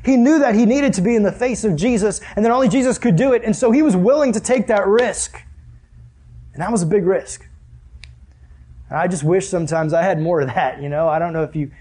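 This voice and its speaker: A man's voice: sits high, a little fast, warm tone, slightly rough. A young man preaching a sermon in an earnest, conversational way, asking the listeners questions.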